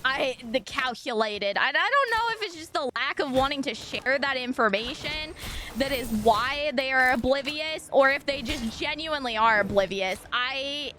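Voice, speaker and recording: A woman's voice: high-pitched, lively intonation, pushed and bright. A woman from Washington State with a local accent, chatting and rambling to her viewers on a casual gaming stream. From Washington State, USA. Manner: rambling, chatty, quick asides to chat. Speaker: live streamer.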